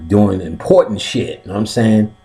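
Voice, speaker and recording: A man hosting a casual occult talk, swearing constantly and laughing, jumping between high excited yelps and low mutters. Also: normal speed, crowd noise. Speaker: host of an occult class stream. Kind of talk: casual profane chat.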